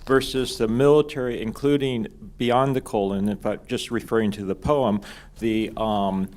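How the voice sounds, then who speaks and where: A man's voice: lowish voice, fairly even intonation, normal speed, darkish tone. Man, audience question, losing his voice, apologetic, tentative. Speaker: audience member asking a question. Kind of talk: question from the floor at a panel.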